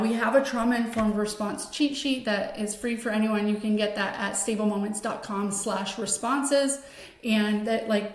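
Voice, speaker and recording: A woman hosting a show who explains an approach in an earnest way and acts out example phrases in a gentle voice. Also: fairly high pitch, roomy sound. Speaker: host. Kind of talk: explanatory talk.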